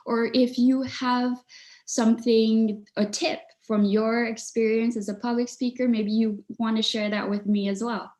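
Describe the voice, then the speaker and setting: A woman's voice: a little high, flat delivery, unhurried, a little mellow. A woman giving an online presentation with tips on public speaking, coaching her listeners and often checking in with "all right?" and "okay?" over a video call. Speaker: webinar speaker.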